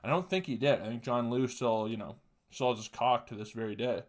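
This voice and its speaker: A man's voice: mid-range voice, fairly quick. A young man hosting a podcast, talking casually in a blunt, profane, mocking way. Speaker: podcast host. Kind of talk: casual monologue.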